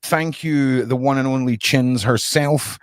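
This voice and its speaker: A man's voice: medium pitch, fairly even intonation, unhurried, no echo, clean studio sound. A man hosting a casual livestream podcast from his home desk, rambling and chatting with viewers by name.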